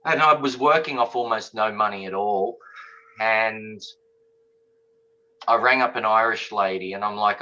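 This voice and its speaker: In a dull lo-fi recording, a middle-aged guest author with a fairly low voice speaks at a moderate pace during an interview. He tells a personal story casually and animatedly, voicing the conversations as he remembers them.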